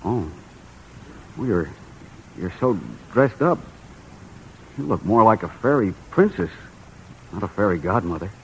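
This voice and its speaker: An earnest poor young playwright. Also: male voice, on the low side, lively intonation, measured pace, pauses often. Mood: warm. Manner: earnest, pleading. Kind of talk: 1940s radio drama acting. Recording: lo-fi old radio broadcast with hiss.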